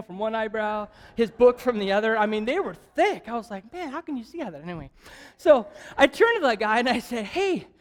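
Guy evangelist preaching at church, animated storyteller, keeps joking and chuckling. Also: sits high. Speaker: guest evangelist. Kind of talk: lively sermon with stories. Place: church service.

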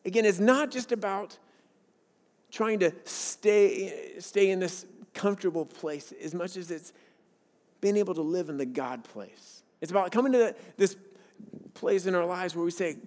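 A man's voice: high-pitched, a little mellow. A man preaching a sermon as pastor, earnest and conversational, weaving scripture with personal stories. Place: church sanctuary with a worship team. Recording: long reverb of a large hall.

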